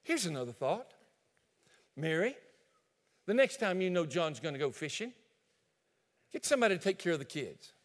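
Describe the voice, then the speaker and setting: A male pastor preaching a sermon in an animated storytelling way, addressing listeners directly. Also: fairly high pitch, normal speed, pauses often, in a large hall.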